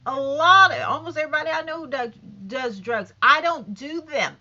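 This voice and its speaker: A woman's voice: sits high, moderate pace, lo-fi sound. A woman in her fifties ranting bluntly and profanely in a casual vlog. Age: 50s. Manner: blunt, profane, animated and emphatic. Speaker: vlogger. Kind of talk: casual rant to camera.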